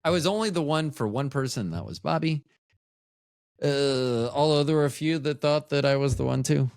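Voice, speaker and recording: A man's voice: a little high, lively intonation, normal speed, gravelly, darkish tone, clear, resonant tone, no echo, clean studio sound. A man hosting a casual solo podcast, rambling and joking at his own expense. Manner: rambling, joking, self-mocking. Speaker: podcast host.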